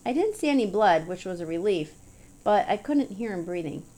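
A woman's voice: medium pitch, lively intonation, a little fast, mellow. A woman reading a story aloud in an easygoing, storytelling manner, as audiobook narrator. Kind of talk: scripted narration.

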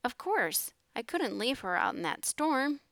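A woman's voice: on the high side, sing-song, unhurried, fairly bright tone, no room sound, clean studio sound, pitched above the performer's own voice, full character voice. A woman reading the lines of a worried, grieving man trapped in a flooded boxcar, in an urgent manner.

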